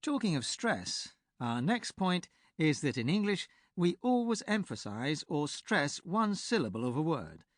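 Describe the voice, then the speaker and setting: A man reading a scripted language lesson for an audiobook, speaking clearly and explaining step by step. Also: a little high, sing-song, unhurried, hardly any pauses, dry recording, studio quality. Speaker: language tutor.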